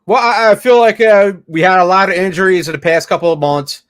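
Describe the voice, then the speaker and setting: A man's voice: sits high, fairly even intonation, a little fast, clean tone, no echo, studio quality. A man co-hosting a casual sports podcast, talking in a laid-back, hesitant way full of "man" and "dude.". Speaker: podcast co-host.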